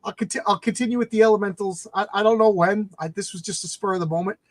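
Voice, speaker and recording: A man's voice: high-pitched, steady tone, quick pace. A man hosting a casual late-night comics live stream, rambling as he retells comic plots.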